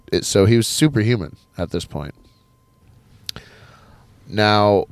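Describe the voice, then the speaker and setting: A man's voice: lowish voice, no room sound. A man preaching as a podcast host in a casual, conversational way, rambling and emphatic. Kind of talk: casual sermon.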